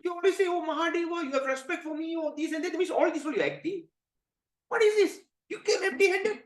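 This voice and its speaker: A man voicing an offended male god who scolds a guest with loud, accusing rhetorical questions in a storytelling sermon. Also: medium pitch, animated, fairly quick, lightly acted.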